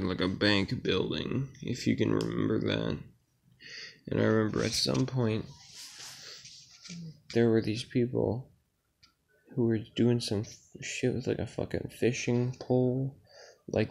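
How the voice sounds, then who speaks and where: A man's voice: on the low side, vocal fry. A tired young man retelling a dream in a casual, rambling, profane way. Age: young adult. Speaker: vlogger.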